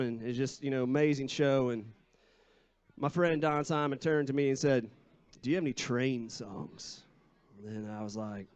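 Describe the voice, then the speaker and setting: A man's voice: on the high side, smooth, no echo. A singer-songwriter man chatting between songs on a live bar stage, rambling and easygoing with many fillers. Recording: lo-fi live bar stream with music.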